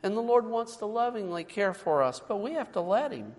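A brisk, high-pitched man with big swings in pitch delivers a church sermon, emphatic and full of rhetorical questions, referring to his audience as folks. The recording carries the long reverb of a large hall.

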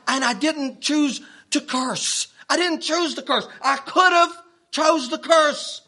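A man preaching a sermon, telling a story in an animated, worked-up way with plenty of restarts. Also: extremely high pitch. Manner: folksy, animated, getting worked up.

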